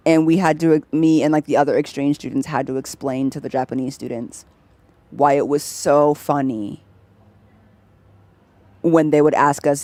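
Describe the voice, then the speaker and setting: A woman's voice: deep voice, fairly even intonation, normal speed, long pauses, a little mellow, no room sound. A young woman streaming a game, chatting casually and laughing often as she explains things. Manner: chatty, laughs often, mimics voices in anecdotes. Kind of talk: casual gameplay chat.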